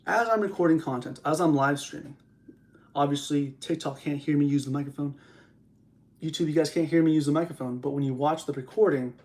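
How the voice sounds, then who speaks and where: Speaking briskly in a fairly high voice with a darkish tone, a young man livestreams his podcast into a studio mic. His casual motivational monologue rambles, circles back on repeated phrases, and includes chat with viewers.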